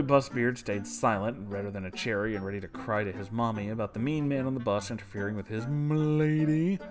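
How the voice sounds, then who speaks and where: Brief: male story host, mid pitch, casual and heartfelt, curses freely, quick to laugh. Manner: emotional, swears casually, laughs often. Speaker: story reader and channel host. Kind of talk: reading an online story, then casual commentary.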